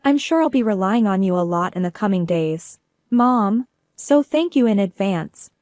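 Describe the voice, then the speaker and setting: A woman narrator voicing a gentle, grateful young woman's letter to her mother. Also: mid-range voice, lively intonation, moderate pace, dry recording, clean studio sound, lightly acted. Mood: tender.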